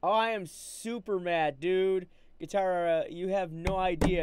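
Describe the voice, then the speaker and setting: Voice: medium pitch, takes it slowly, a little mellow, clean tone, dry recording. A live streamer in a casual, agitated rant, upset and restarting often, talking through wired earbuds. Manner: agitated, ranting, with many restarts. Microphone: wired earbuds with mic.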